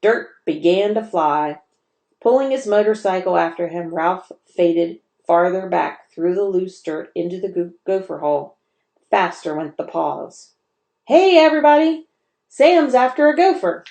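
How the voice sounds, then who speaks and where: A teacher reading a chapter book aloud to children, with expressive storytelling and a lower woman's voice. The recording is echoey, as if from a bare room. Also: a little slow, vocal fry. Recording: roomy echo.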